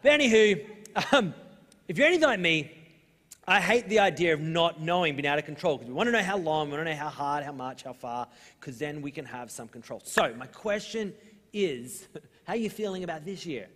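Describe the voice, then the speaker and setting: A young Australian man preaching in a casual, chatty storytelling way, his voice sitting a little higher than most men's. The sound trails off into the long reverb of a large church hall. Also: expressive, fairly quick, a bit bright. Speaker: pastor. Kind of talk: sermon.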